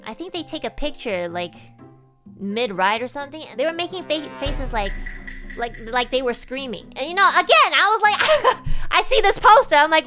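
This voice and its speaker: A woman streamer telling a story in a casual, animated chat, swearing freely and laughing as she goes. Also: high voice, moderate pace, soft background music.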